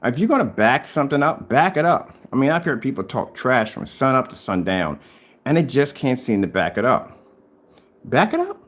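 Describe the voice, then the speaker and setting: He's a taunting DIY projector screen paint vlogger in his fifties, speaking a little fast with a lively pitch. Filming a confrontational rebuttal at home and showing his screen, he repeats himself, his voice rising on each challenge.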